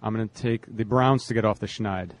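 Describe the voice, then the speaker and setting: This man has a somewhat low voice and sits on a casual football picks panel. He is playful and likes to needle the other panelists as he makes his calls. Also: fairly even intonation, fairly quick. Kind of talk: casual sports panel chat.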